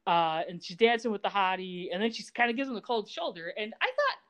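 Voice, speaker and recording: Talking fast in a mid-range voice, this woman co-hosts a podcast where she recaps a TV episode. The chat is casual and lively, peppered with sarcastic remarks and frequent laughter.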